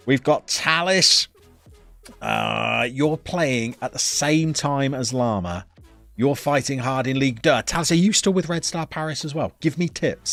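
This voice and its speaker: A man's voice: on the high side, no room sound. A middle-aged man, chatting casually as he hosts a live stream and greets viewers by name.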